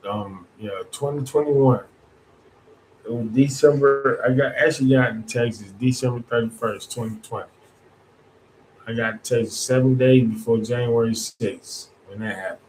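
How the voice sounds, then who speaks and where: A man talks in a relaxed, rambling monologue as host of his own show. His voice sits at an ordinary middle pitch, and his colloquial phrasing loops back on itself. A faint noise floor runs under the recording. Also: poor audio. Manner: conversational, rambling with restarts, colloquial Southern-tinged speech. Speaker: podcast host. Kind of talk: casual political monologue.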